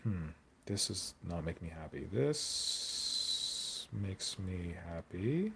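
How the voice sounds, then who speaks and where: A man's voice: low-pitched, sing-song, takes it slowly, creaky, heavy background noise. A man chatting casually on a hobby live stream, rambling and joking as he answers viewer comments. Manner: rambling, jokey, answers viewer chat aloud.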